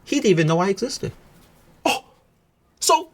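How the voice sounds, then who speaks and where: A man's voice: high-pitched, very animated, moderate pace, long pauses. An emotional, upset man telling a personal story to his viewers in a casual, rambling, agitated way. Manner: agitated, rambling, restarts often.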